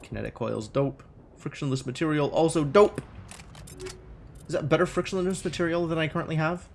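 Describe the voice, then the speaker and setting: This young man's voice sits on the high side, steady and gravelly, and he talks fairly quickly over slight background noise. He's live-streaming a game, chatting casually with sarcastic, wry asides.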